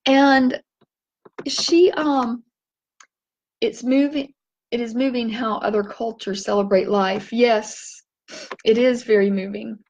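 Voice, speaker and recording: A woman telling a personal story in a gentle, halting way, teary and with her voice breaking. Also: on the high side, fairly even intonation. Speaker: vlogger sharing a personal story.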